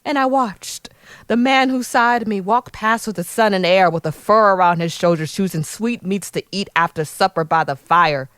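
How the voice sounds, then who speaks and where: A bitter, proud young sailor of humble birth speaks in a heavy, lowered voice, grave and resentful, as a woman puts him on. He sounds weighed down by grievance. The recording is close and dry, with no room sound. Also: moderate pace, fairly bright tone, clear, resonant tone, no room sound, lightly acted. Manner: grave, resentful speech read from notes.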